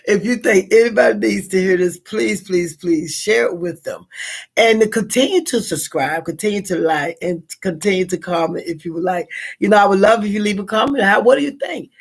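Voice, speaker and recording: A woman with a Southern American accent talks loosely to her live viewers. She rambles, starts over, and fills gaps with ums and you-knows. Her voice sits at a middle pitch. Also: brisk, creaky, slightly rough. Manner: rambling, repeats herself, frequent fillers. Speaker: live stream host. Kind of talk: casual spoken reflection.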